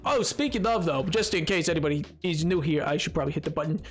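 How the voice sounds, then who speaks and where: A man's voice: on the high side, fast talker, faint music behind. A man streaming a game live, chatting casually with his viewers in a rambling way and laughing often.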